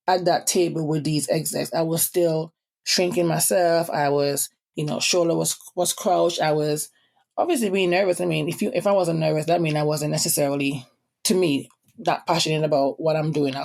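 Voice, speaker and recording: A young Caribbean woman hosts her podcast in a low, gravelly voice. Her island accent comes through strongly, and she talks quickly, giving encouragement with frequent asides. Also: steady tone, a little mellow. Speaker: podcast host. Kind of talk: motivational podcast monologue.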